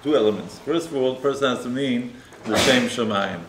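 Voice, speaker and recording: In a storytelling sermon, a rabbi speaks conversationally and a little fast, with a mid-range voice and a habit of ending points on a tag question. The sound is roomy and echoey, with faint noise underneath.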